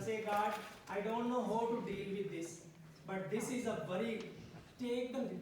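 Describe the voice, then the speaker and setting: A pastor whose first language isn't English delivers a sermon in a church hall, asking the congregation "Amen?" over and over. His voice sits high, with a slight hiss or hum on the track, and the room echoes as if recorded from afar.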